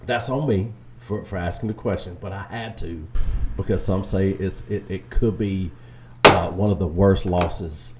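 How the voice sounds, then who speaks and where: A man's voice: deep voice, measured pace, a little mellow, slight background noise. A man hosting a casual sports talk show in a studio, teasing his co-host and laughing easily.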